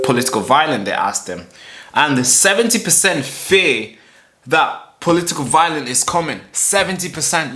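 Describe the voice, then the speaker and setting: Guy ranting on his own show, bright tense voice, kinda high, keeps repeating himself. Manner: emphatic, repetitive, many fillers and restarts. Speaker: host. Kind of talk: solo commentary video.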